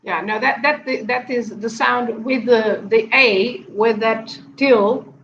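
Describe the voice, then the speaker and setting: A woman's voice: on the high side, takes it slowly, fairly bright tone, dull audio, a little hiss or hum. A woman with a Portuguese accent, a native Portuguese speaker, explaining her language in a casual chat, giggly and explanatory. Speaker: language guest.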